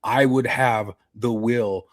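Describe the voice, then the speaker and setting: A man's voice: medium pitch, fairly even intonation, takes it slowly, no room sound. Brief: male host, casual, rambling delivery, reads viewer comments, dry studio sound. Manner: rambling, with restarts and reading chat comments aloud. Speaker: podcast host. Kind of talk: casual chat.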